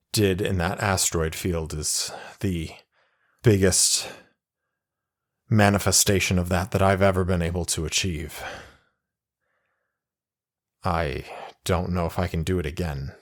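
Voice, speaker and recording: A man voicing a secretive, quietly intense young woman with psychic powers, speaking softly and haltingly. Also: sits low. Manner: soft, hesitant, halting.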